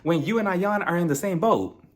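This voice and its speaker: Brief: a man hosting a casual review, animated and mocking, with lively pitch swings. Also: moderate pace. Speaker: TV show reviewer. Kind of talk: casual commentary.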